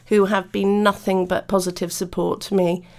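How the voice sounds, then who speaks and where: A woman in a studio interview, her voice sitting at a middle pitch. She talks hesitantly, with frequent ums and restarts. When she reads her children's book, the rhymes come out in a gentle storybook cadence. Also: flat delivery, normal speed. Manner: hesitant, many ums, warm rhyming read-aloud. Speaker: children's author guest. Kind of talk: casual radio interview with storybook reading.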